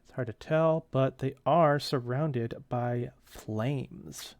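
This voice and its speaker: A man's voice: mid-range voice, slow, a little mellow, dry recording. A man in his thirties reading a comic aloud and commenting on it in a chatty way, with wry asides.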